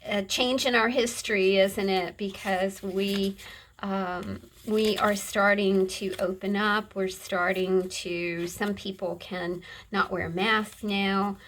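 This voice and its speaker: A middle-aged woman hosting a casual craft video, chatting in a soft, rambling way as she shows her handmade books. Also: medium pitch, steady tone, takes it slowly, slight background noise, low-quality recording. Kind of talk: casual show-and-tell chat.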